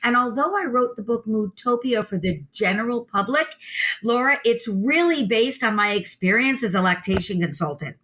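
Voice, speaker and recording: A woman's voice: a little high, moderate pace. Emphatic woman lactation consultant, guest. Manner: emphatic, animated storyteller who addresses the host by name. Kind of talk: interview conversation.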